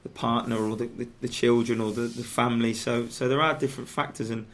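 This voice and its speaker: A man, a footballer guest in a radio studio, chatting casually and haltingly with many restarts and fillers. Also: mid-range voice, steady tone. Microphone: studio microphone.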